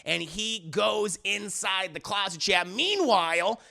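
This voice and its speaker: A man's voice: sits high, expressive, takes it slowly, vocal fry, bright, forceful tone. A man streaming live, animatedly retelling a story with lots of cursing while talking to his chat. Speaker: streamer reviewing media.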